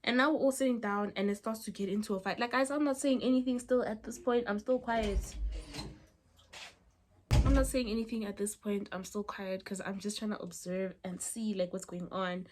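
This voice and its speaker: A young woman, telling a storytime in a chatty, animated way with asides to her viewers. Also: medium pitch, normal speed, slight background noise. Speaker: storyteller vlogger. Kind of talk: casual storytime chat.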